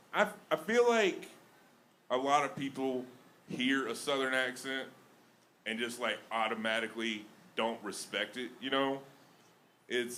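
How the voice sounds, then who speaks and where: A man's voice: medium pitch, pushed and bright, slight background noise. A young man from Alabama, with an Alabama accent, doing a self-mocking stand-up set on a comedy club stage. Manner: self-mocking, chatty with laughs in the flow.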